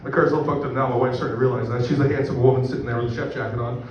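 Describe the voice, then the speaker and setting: A man's voice: mid-range voice, steady tone, rapid-fire. A middle-aged man from Canada telling a profane, rambling, self-mocking story in a stand-up set. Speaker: stand-up comedian. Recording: echoey distant room mic, muffled.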